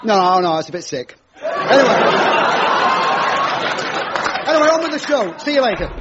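A man's voice: high voice, very animated, moderate pace, a loud crowd, very noisy, pitched above the performer's own voice. A man playing a cheesy clairvoyant comic host, cracking gags in brash patter. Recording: lo-fi recording with loud audience laughter.

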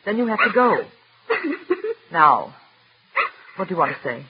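An actress playing a composed married woman who narrates and speaks in a crisp, reserved and firm way, in a 1940s radio drama. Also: on the low side, big pitch swings, measured pace, noisy background. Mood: stern. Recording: muffled old radio recording with music.

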